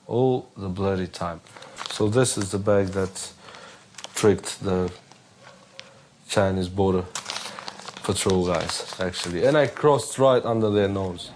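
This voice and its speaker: Slow-talking man, noisy recording. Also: fairly low pitch. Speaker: interviewee, cameraman. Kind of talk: casual interview testimony.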